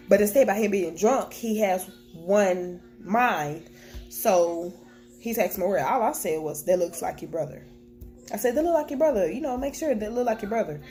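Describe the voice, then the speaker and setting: Young woman, vlogger, candid storytelling to camera at home, mid pitch, soft music bed. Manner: candid, plain-spoken retelling with quoted dialogue. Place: at home with children nearby.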